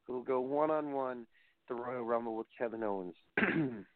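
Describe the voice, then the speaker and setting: Reading wrestling results aloud on his casual solo review show, this host rambles and digresses at a moderate pace and medium pitch. The recording is dry and tinny, much like a phone.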